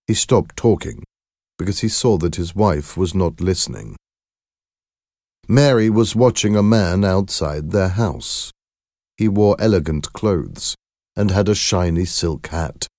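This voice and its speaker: A man narrating a story aloud in a measured, expressive reading. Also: sits low, dry recording, studio quality.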